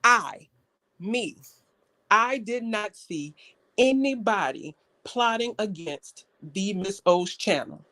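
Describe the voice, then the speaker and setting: A woman's voice: mid-range voice, lively intonation, slow pace, pushed and bright, no echo. A young woman hosting a live online panel, telling stories in a casual, chatty way and defending herself. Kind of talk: casual talk on a live stream.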